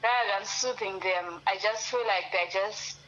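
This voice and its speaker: A woman caller speaking haltingly, with frequent restarts, about a family situation on a live call-in stream. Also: mid-range voice, a bit bright. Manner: hesitant, restarts often. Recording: dull muffled line with faint hiss.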